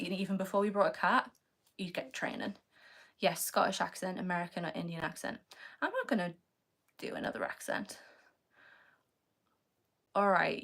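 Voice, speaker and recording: A young woman with a British accent and a slightly low voice, talking casually to her live-stream chat. She reads comments aloud and answers in a relaxed, rambling way, full of "like". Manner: chatty, reads comments aloud, many fillers of "like".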